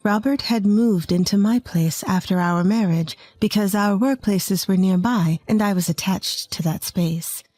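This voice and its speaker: A woman's voice: mid-range voice, measured pace, hardly any pauses, mellow, no echo. A woman in her twenties from rural Texas, telling a first-person story in an earnest, plain way. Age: 20s. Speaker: narrator.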